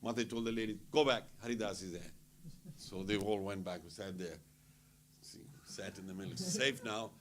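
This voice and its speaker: A man's voice: fairly low pitch, normal speed. A man telling funny travel stories at a temple gathering, laughing often and acting out what people said. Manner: animated, laughing anecdotes with acted-out quotes. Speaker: temple speaker. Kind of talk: casual storytelling talk.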